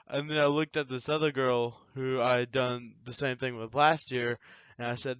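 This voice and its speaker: A man's voice: mid-range voice, moderate pace, clean tone, no room sound, highs cut off. A teenage young man casually telling enthusiastic, rambling stories into a microphone as a channel host. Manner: animated, enthusiastic, rambling storyteller. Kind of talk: casual storytelling chat. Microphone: desk microphone.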